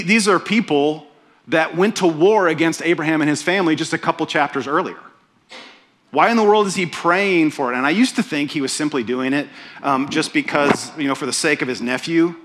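Speaking at normal speed with a higher-pitched voice, a male pastor delivers his sermon like an animated, conversational story, frequently restarting phrases as he goes.

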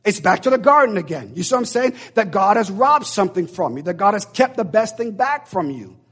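A man's voice: sits high, sing-song, brisk, fairly bright tone, husky. A man preaching a sermon in an emphatic, repetitive, preacherly way.

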